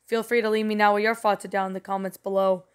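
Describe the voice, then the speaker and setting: A woman's voice: mid-range voice, level tone, quick pace, smooth. Rambling woman with a sickly-sounding voice. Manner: rambling, leans on "you know" and "um". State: voice rough, sounding a bit sick. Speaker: creepypasta channel host. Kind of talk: casual spoken story review.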